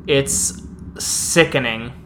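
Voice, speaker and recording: A woman's voice: a bass voice, drawn-out words, noisy background. A woman narrating as storyteller of a tabletop game, describing scenes in the second person, over background music.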